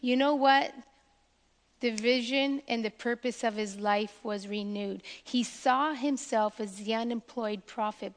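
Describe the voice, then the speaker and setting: A woman's voice: on the high side, unhurried. A woman preaching a sermon, emphatic and drawing out key phrases. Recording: long hall reverb.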